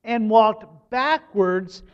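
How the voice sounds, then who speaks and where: A man with a high voice preaches in an earnest, measured way, stressing his warnings by repeating them. The recording sounds dull and lo-fi, with the top end rolled off. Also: smooth. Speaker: pastor. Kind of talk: sermon.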